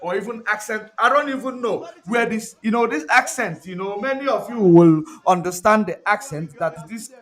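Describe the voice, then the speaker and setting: A man's voice: sits high, normal speed, few pauses, fairly bright tone. A man giving a political commentary vlog, emphatic and repetitive, full of "you know" fillers. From Nigeria. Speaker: political blogger.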